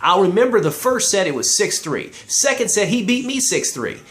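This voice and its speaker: A man's voice: sits high, big pitch swings, normal speed, fairly bright tone. A man giving an inspirational, sermon-style talk, emphatic and preacherly, addressing listeners directly and quoting scripture. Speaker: motivational speaker.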